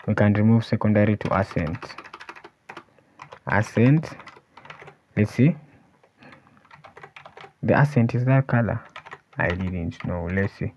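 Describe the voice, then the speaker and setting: A man teaching a coding tutorial, thinking aloud as he types and often pausing to say "let's see". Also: lowish voice, a little mellow, slight background noise. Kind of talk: screen-recorded coding walkthrough. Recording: dull lo-fi voice recording. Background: keyboard typing and clicks.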